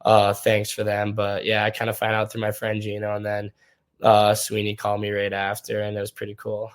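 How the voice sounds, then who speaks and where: A young man from Minnesota speaks in a low, nearly monotone voice with little rise or fall. He talks easily and at length, stringing his stories together in a relaxed interview manner. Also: a little fast, clear, resonant tone. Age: young adult. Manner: easygoing, rambling storytelling. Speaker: hockey player guest. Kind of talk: casual interview.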